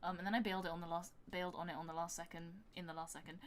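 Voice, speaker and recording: A young woman chatting casually on a livestream while producing music, thinking out loud and drifting into soft asides. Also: fairly low pitch, little pitch movement, racing, slight background noise.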